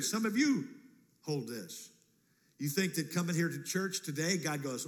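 A man preaching a sermon as pastor, animated and jokey, acting out quotes in a church. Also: fairly high pitch, unhurried. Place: church sanctuary. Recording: long church reverb.

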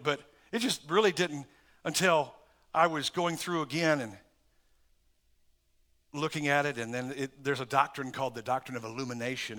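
A middle-aged man pastor preaching a sermon, swinging between loud emphatic stresses and soft asides and chuckling through lists. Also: mid-range voice.

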